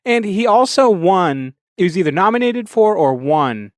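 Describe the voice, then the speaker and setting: A man's voice: high voice, very animated, normal speed, no echo. A man co-hosting a casual podcast, talking with frequent hesitations. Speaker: podcast co-host.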